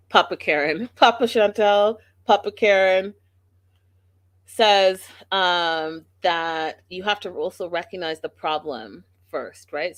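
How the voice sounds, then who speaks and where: Hosting a reality TV recap show, a woman with a deep voice chats casually and animatedly, performing the cast's quotes. The recording is dry.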